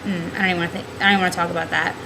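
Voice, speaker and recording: A woman's voice: fairly low pitch, little pitch movement, very fast, noisy background. Candid young woman vlogging on a webcam. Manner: rambling, candid, heavy use of "like" and "um". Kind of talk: casual personal video diary.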